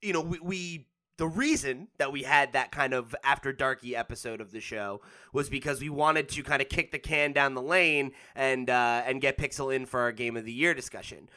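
A man's voice: medium pitch, normal speed, bright, forceful tone, clean tone. A man hosting a casual gaming podcast, bantering and laughing easily with his co-host.

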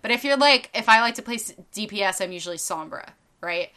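A young woman casually telling a story on a podcast, animated and quick to act out other people's voices. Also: medium pitch, clean tone. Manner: animated, acts out quoted people, laughs often, swears casually. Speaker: podcast co-host.

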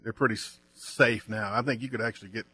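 A man's voice: on the low side, steady tone, fast, bright, forceful tone, breathy edge. An older man co-hosting a radio show, throwing in wry quips. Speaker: radio co-host. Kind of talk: casual radio chat.

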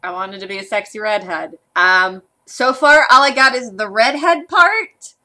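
A woman's voice: mid-range voice, unhurried, sharp tone. A woman co-hosting a podcast, chatting casually and playfully about a film, often giggling. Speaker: podcast co-host. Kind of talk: casual chat.

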